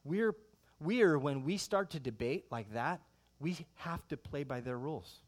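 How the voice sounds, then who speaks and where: Animated middle-aged man preaching. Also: on the high side, measured pace. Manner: animated, conversational, full of rhetorical questions. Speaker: pastor. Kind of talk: sermon.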